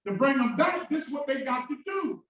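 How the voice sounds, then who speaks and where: Impassioned preacher in an echoing church. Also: male voice, extremely high pitch, animated, brisk, a little hiss or hum. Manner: call-and-response preaching, shouting bursts and sudden drops. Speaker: pastor. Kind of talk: sermon. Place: church sanctuary. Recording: very echoey church from a distance.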